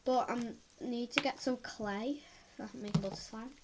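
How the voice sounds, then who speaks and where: A woman with a cold, sniffling as she reviews slime in a chatty, excitable way at home, often gasping and exclaiming. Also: a little high, moderate pace. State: has a head cold, sniffling. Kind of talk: casual unboxing chat. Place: at home, filming on the floor. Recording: loud background noise and clicks.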